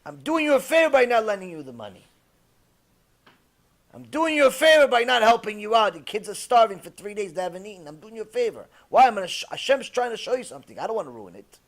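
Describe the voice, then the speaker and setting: A man's voice: high voice, very animated, fast talker. A man voicing a smug, stingy man who piously refuses to lend money. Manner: smug, preachy.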